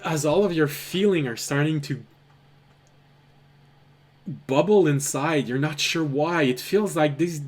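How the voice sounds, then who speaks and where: A man narrating a tabletop role-playing game as game master, telling the scene in a measured, dramatic way. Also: a little high. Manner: slow, measured, dramatic storytelling.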